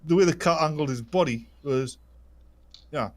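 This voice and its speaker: Halting man telling a tale. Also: on the high side. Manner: halting, repeats words, many uhs. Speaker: podcast co-host. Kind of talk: casual anecdote.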